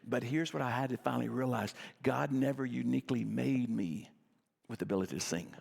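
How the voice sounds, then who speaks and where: A man's voice: mid-range voice, fairly quick, creaky, darkish tone, in a large hall. A middle-aged man preaching a sermon as pastor, telling stories in a conversational, self-deprecating way.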